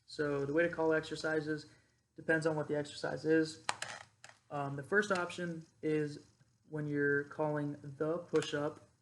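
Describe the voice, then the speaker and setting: Young male cadet teaching drill calls; somewhat high, gravelly, easygoing delivery. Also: flat delivery, measured pace, a little hiss or hum. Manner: demonstrates loud drill cadence calls between casual explanation. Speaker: ROTC cadet instructor. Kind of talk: informal instructional explanation.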